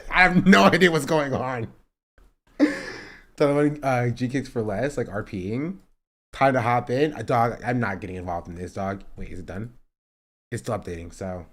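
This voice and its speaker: Excitable laughing male streamer. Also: mid-range voice. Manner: excitable, laughing, self-mocking. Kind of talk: live stream reaction.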